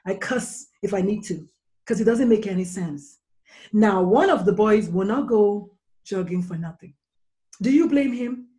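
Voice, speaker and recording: A woman's voice: medium pitch, expressive, a little slow, dark tone. A woman, a guest on a podcast and a mother of three sons, speaking emphatically and firing off rhetorical questions, sometimes swearing. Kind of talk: impassioned conversation.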